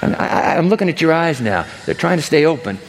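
A man preaching a sermon to a congregation, telling a story with lively acting and asides. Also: fairly high pitch, quick pace, in a large hall, a little hiss or hum. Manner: animated storytelling, acts out characters. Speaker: pastor. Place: large church hall with long reverb.

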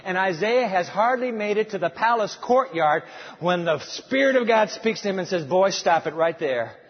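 High, husky man preacher; dramatic sermon storytelling; reverberant hall. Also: normal speed. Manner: dramatic storytelling with sudden asides. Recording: dull sound with long hall reverb.

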